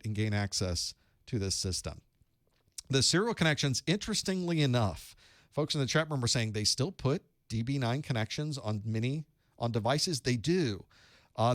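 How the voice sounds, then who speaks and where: A man's voice: medium pitch, no echo, clean studio sound. A man giving a live study-group lesson, explaining casually with fillers and asides to his chat. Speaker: online course instructor.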